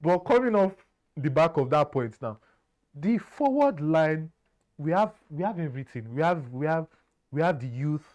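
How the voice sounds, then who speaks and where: A man's voice: fairly high pitch, expressive, moderate pace, a little mellow. A man giving earnest football analysis, often stumbling and repeating words. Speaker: football pundit. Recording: dull lo-fi sound.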